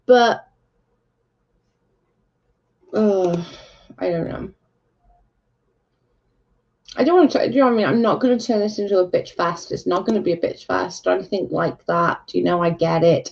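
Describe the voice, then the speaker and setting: A woman's voice: fairly low pitch, gravelly, darkish tone. A woman chatting casually on a livestream, answering viewer comments in a blunt, candid, sweary way. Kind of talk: casual chat. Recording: dull lo-fi recording.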